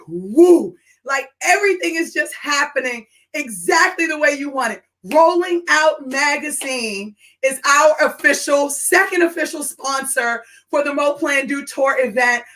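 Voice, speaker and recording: A woman hosting a live stream, talking with high energy and calling out to viewers by name. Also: bright, forceful tone, poor audio. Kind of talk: excited live-stream announcement.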